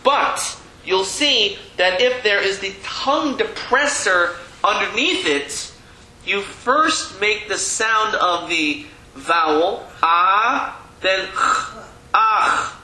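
A man's voice: sits high, expressive, slow, pushed and bright, echoey room, poor audio. A man teaching a Hebrew reading class, chatty and self-deprecating, often restarting his sentences. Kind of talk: classroom lesson. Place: classroom with a board.

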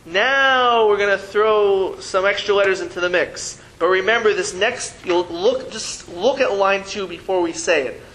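Male language teacher, higher voice, slow and patient classroom delivery, playful. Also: a bit bright, rough recording. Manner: patient, repeats syllables slowly for students, playful teasing. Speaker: Hebrew teacher. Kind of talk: classroom reading lesson.

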